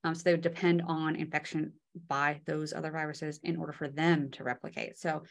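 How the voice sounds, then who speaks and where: A woman's voice: deep voice, level tone, a little fast, vocal fry. A woman giving a casual, chatty microbiology lecture, with many fillers and homely analogies.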